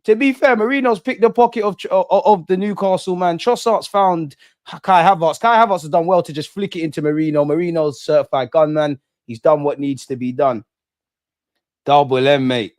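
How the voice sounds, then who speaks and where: Slangy, excitable fan, dry sound. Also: male voice, on the high side, normal speed, no room sound. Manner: slangy, blunt and excitable, chanting and shouting at goals. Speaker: football fan watch-along host. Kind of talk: live match watch-along commentary.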